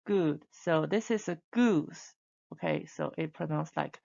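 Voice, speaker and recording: A woman teaching a beginner Chinese lesson, modelling sounds slowly for learners to repeat. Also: low voice, creaky, darkish tone, muffled recording. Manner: slow, drawn-out demonstration sounds for repeating. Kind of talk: online language lesson.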